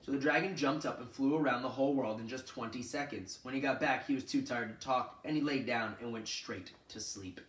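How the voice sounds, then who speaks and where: A man reads a children's picture book aloud at a middle pitch, lively and expressive, turning now and then to his young listeners. The room echoes, and the mic sits well back from him. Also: brisk, few pauses. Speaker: storyteller reading to children. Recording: roomy echo from a distant mic.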